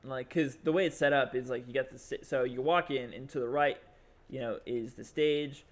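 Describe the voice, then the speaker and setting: A man's voice: mid-range voice, steady tone, normal speed. A young man co-hosting a podcast, telling a long story in casual chat, rambling with lots of fillers and acted-out quotes. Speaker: podcast co-host.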